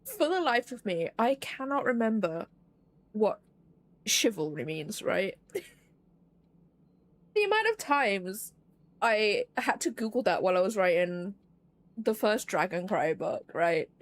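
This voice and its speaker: A woman's voice: medium pitch, very animated, measured pace, long pauses, dry recording. A woman streaming a puzzle game, chatting casually and poking fun at herself as she plays. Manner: chatty, self-deprecating, rambling with fillers. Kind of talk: casual gameplay commentary.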